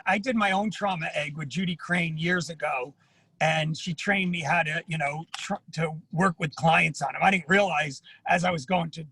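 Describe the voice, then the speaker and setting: A man's voice: sits high, a bit bright, slightly rough, no room sound, low-quality recording. A man speaking as an addiction therapist at an online symposium, earnest and personal, often repeating himself. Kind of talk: panel talk at an online symposium.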